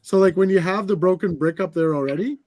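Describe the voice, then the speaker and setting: A man's voice: high-pitched, quick pace, a little mellow, no room sound, clean studio sound. A man hosting a casual building stream, chatting easily and laughing as he tells stories. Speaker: host. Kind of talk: casual chat while building sets.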